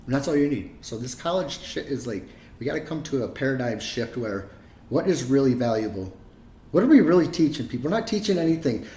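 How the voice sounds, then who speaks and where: A man co-hosting a podcast in casual chat, telling rambling, profane, animated stories. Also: medium pitch, brisk. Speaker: podcast co-host. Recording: roomy echo.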